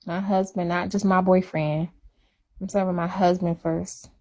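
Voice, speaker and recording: A woman's voice: fairly low pitch, little pitch movement, a little slow, dark tone. A woman chatting casually on a live stream, emphatic and repetitive for effect. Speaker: livestreamer.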